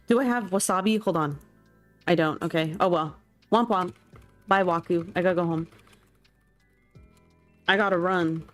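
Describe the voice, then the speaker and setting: A woman's voice: fairly low pitch, a little slow, pauses often, faint music behind. A young woman streamer chatting casually and animatedly while she plays a game, full of slang and exclamations. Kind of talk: casual chat while gaming.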